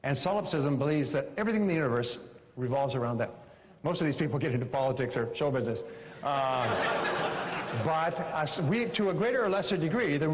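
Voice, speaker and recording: A man delivers a motivational seminar with an emphatic, coaching manner and returns to key phrases again and again. His voice sits a little higher than most men's. It comes through a dull, lo-fi recording that carries a long reverb from a large hall. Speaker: seminar speaker.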